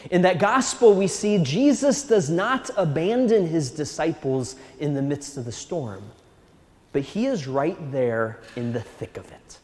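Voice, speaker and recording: A male priest giving a Sunday sermon in a church, speaking gently and reassuringly with a touch of humor. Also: on the high side, animated, measured pace. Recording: echoey church hall.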